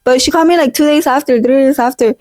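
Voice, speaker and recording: A woman's voice: high voice, fast talker, a little mellow, no echo. A young woman hosting a casual vlog, telling a story in a chatty, slangy way and dropping in Spanish phrases, recorded on a poor home mic she sometimes drifts away from. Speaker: podcast vlog host. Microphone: handheld or desk mic, drifts off it.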